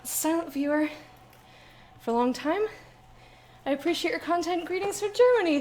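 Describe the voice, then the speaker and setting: A bubbly young woman hosting a casual game stream. Her voice sits high and bright, and she chats playfully with her viewers. She often drifts into a singsong lilt, with faint noise behind her. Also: lively intonation, normal speed. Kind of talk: casual live-stream chat.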